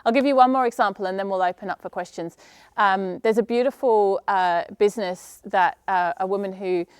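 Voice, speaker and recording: A middle-aged woman coaching yoga teachers at a live conference, chatty and lively, with many rhetorical questions and a habit of saying "right?". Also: mid-range voice, smooth, dry recording, clean studio sound. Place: conference room.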